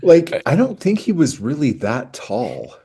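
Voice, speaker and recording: A man co-hosting a podcast in casual chat, telling stories in a profane, animated way. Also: mid-range voice, measured pace, husky. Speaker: podcast co-host.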